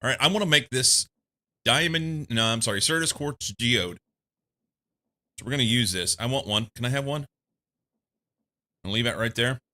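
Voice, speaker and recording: A man from the United States streaming a game, thinking aloud in casual commentary, a little congested and quick to laugh. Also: mid-range voice, sharp tone. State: slightly congested.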